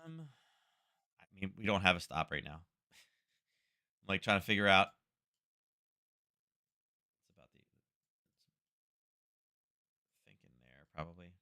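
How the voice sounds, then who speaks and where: A man running a casual live trading stream in a low, pressing, forceful voice. He thinks out loud, keeps checking in with "right?", and chats with regular viewers by name. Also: very animated, slow pace, pauses often. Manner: thinks aloud, frequent "right?" tags; chatty, greets viewers by name. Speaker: trading livestream host. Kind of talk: casual live market commentary.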